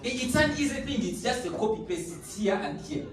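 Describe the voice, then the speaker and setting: High-voiced man preaching, echoey. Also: animated, fairly quick, recorded from a distance. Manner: emphatic, repeats key phrases, bursts into tongues and sung lines. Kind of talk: sermon. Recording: echoey room, voice somewhat off the mic, faint noise.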